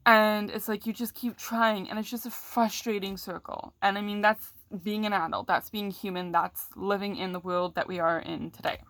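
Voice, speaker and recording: A young woman vents to the camera about a bad day, rambling, frustrated, candid and self-deprecating, broken up by coughing fits and a catching throat. Her mid-range voice is fairly bright, with no room sound.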